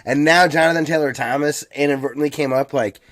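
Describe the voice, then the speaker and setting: A man co-hosting a podcast in casual chat, hesitant and halting, often restarting his sentences. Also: on the high side, fairly even intonation, a bit bright, dry recording, clean studio sound. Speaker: podcast co-host.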